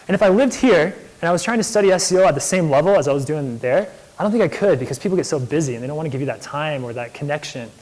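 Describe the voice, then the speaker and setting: A man's voice: fairly high pitch, expressive, rapid-fire, few pauses, a little mellow, poor audio. A young man, an entrepreneur, speaking in a casual, enthusiastic storytelling lecture style, full of "like" fillers. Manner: enthusiastic, chatty, many "like" fillers. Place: lecture hall.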